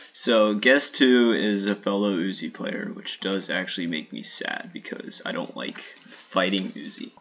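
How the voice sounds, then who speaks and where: This man's low, creaky voice comes through with lo-fi sound as he streams a shooter game. He keeps up casual commentary, swearing, mocking opponents, and erupting in sudden excited outbursts.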